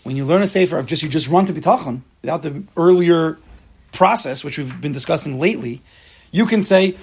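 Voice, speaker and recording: A man's voice: on the high side, fairly quick, vocal fry, a little hiss or hum. A man teaching a class, emphatic, mixing Hebrew terms into his English. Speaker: Torah teacher. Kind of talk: lecture to a class.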